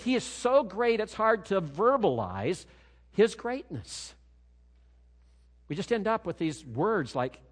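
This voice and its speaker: A man preaches in a fairly high, very lively voice that swings up and down as he drives his points home. His words ring out with a long reverb through a church sanctuary. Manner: emphatic, rising and falling preaching cadence. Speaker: pastor. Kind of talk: sermon.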